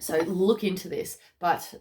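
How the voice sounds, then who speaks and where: A woman giving a casual spoken tarot reading. She chats along, tagging lines with "okay?" and "mate", and bursts into excited rises. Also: fairly low pitch, unhurried. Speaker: tarot card reader.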